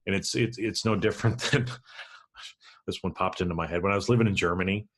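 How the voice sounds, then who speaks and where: A man's voice: deep voice, quick pace, a bit bright. A man co-hosting a podcast, telling an easygoing story in casual chat with many restarts. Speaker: podcast co-host.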